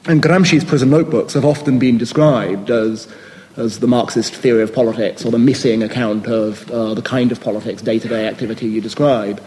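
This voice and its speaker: A man speaks in an academic panel discussion with a mellow, warm tone, pausing often on fillers and restarting his sentences as he thinks aloud. His voice rings with a long reverb, as in a lecture hall, over a faint hiss. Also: medium pitch, steady tone. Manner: hesitant, many fillers and restarts, thoughtful. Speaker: panelist answering a question.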